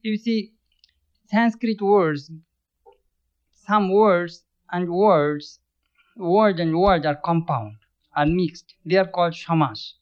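Brief: man, high voice, swami giving a scripture talk, measured and halting, dull lo-fi recording. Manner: measured, thoughtful pacing with frequent restarts. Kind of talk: spiritual talk explaining scripture.

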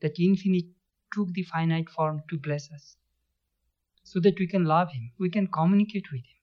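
A man's voice: high-pitched, normal speed. Man giving a spiritual talk, lo-fi. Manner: storytelling, chants verses, chuckles often. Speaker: spiritual teacher. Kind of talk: spiritual lecture. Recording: dull lo-fi recording.

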